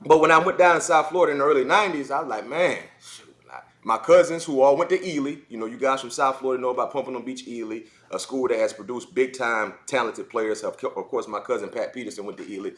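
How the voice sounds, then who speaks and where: Animated storytelling man from South Carolina. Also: mid-range voice, fast, hardly any pauses. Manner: animated, repeats words, acts out kids' voices. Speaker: former football player guest. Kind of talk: casual podcast storytelling.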